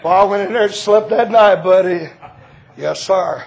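A man preaching a sermon, telling stories with lots of laughter and swinging from shouted climaxes to hushed retellings. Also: high-pitched, normal speed, creaky. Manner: laughs through lines.

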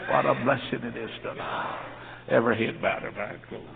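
Older preacher in a tinny hall. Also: male voice, medium pitch, fairly even intonation, fairly quick, gravelly. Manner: builds to impassioned calling out. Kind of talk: revival sermon with storytelling. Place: church service. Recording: tinny phone-like hall recording with faint noise.

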